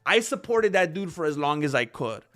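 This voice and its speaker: High, animated man ranting. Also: moderate pace. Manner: animated, sarcastic, acts out both sides of arguments. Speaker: MMA commentary channel host. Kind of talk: opinionated commentary vlog.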